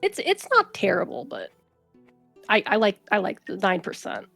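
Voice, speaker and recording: A woman's voice: mid-range voice, big pitch swings, normal speed, vocal fry, pushed and bright, soft background music. Woman guest hanging out on a stream, giggly and chatty, voice bounces up and down a lot. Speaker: guest friend. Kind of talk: casual drinking stream chat.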